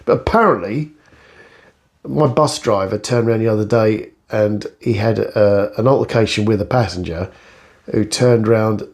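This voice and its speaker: A man's voice: lowish voice, normal speed, a little mellow. A middle-aged man in a casual ranting monologue, blunt, profane and sarcastic. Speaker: vlogger.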